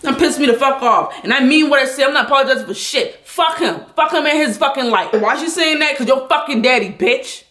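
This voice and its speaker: A woman angrily venting a story on a livestream, talking loud, blunt and full of profanity. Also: high voice, expressive, brisk, few pauses, roomy sound.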